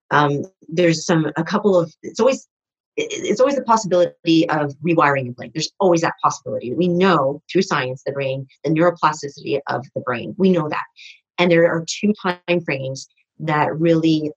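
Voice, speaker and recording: Woman guest, deep husky voice, meandering and full of restarts. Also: highs cut off. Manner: rambling, with many restarts and fillers. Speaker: podcast guest. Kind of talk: conversational interview.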